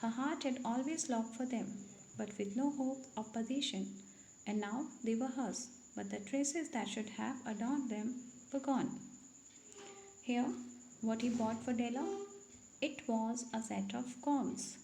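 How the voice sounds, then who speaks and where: A woman's voice: a little high, a little slow, gravelly, dark tone, reverberant, a little hiss or hum, low-quality recording. A woman teaching English, who reads a story aloud and then explains its words in simple terms.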